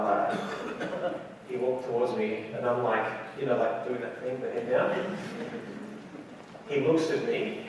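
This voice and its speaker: A man giving a lecture to a convention audience, telling a story in an animated way and acting out what others said. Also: mid-range voice, slight background noise. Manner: animated storytelling with acted-out quotes. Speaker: wedding photographer giving a lecture. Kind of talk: anecdotal stage talk. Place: large convention hall. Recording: echoey hall recorded from far off. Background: audience laughter.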